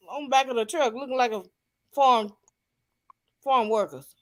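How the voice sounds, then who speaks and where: A woman's voice: sits high, animated, normal speed. A woman chatting casually on a livestream, playful, laughing often and acting out what people said. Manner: playful, laughs a lot, acts out quotes.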